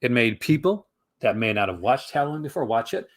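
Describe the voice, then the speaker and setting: A man's voice: mid-range voice, expressive, brisk. Male livestream host, casual and rambling, answering his chat. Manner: rambling, many fillers and restarts.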